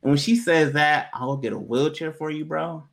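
A man casually telling a personal story to a co-host, in a laid-back, slangy way that turns animated when he quotes people. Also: fairly high pitch, normal speed, creaky.

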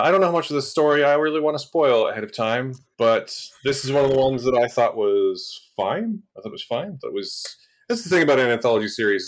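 A man co-hosting a podcast, explaining calmly in casual review chat with some hesitation. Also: medium pitch. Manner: measured, hesitant with fillers, explaining. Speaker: podcast co-host.

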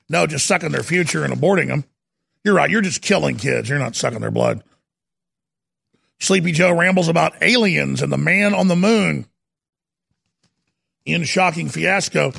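Talk radio host guy, super gravelly, high voice, heated rapid ranting. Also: a bit bright. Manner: heated, emphatic, rapid-fire rant. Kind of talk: political talk radio monologue.

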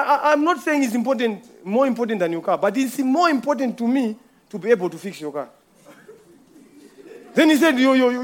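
A man with a strikingly high voice preaches a sermon woven from his own working life. He stumbles over repeated words, rises to loud declarations, then sinks to hushed asides. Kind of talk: sermon with personal testimony.

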